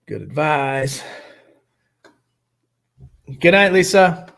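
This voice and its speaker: A man's voice: a little high, animated, drawn-out words, vocal fry, a bit bright. Chatty joking man hosting a live stream. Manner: joking, chatty, laughs often. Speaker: host of a live recovery meeting. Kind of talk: casual livestream chat. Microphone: webcam.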